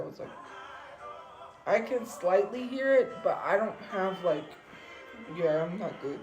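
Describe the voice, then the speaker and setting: A woman's voice: fairly low pitch, expressive, moderate pace, reverberant, rough recording. A woman hosting a casual livestream, rambling with lots of fillers and laughing at herself. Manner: rambling, filler-heavy, self-deprecating. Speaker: livestream host. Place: home room. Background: faint music playing.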